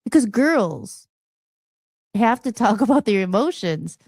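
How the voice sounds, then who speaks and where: A woman's voice: fairly high pitch, sing-song, a little slow, a little mellow, no echo, studio quality. A woman hosting a live podcast, chatting casually and openly, rambling and often restarting her sentences. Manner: rambling, chatty, self-interrupting. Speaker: podcast host. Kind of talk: casual live-show chat.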